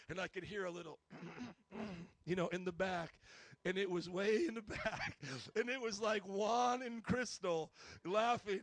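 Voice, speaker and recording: Gravelly high-voiced male preacher. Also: no room sound. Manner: storytelling, animated, acts out quotes. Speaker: pastor. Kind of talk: sermon.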